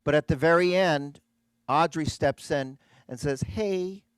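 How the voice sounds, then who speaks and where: A man presenting and demonstrating an organ in a live online show, talking excitedly and chatting with his viewers. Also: fairly high pitch, measured pace, smooth, no room sound. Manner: excitable, chatty, addresses audience as folks. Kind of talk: enthusiastic live-streamed product demo.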